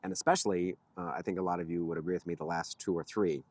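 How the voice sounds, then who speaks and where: A man's voice: low voice, steady tone, quick pace, a little mellow, no echo. A man vlogging outdoors near a street, telling a story casually in a rambling way with frequent chuckles. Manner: rambling, chuckling, with many fillers.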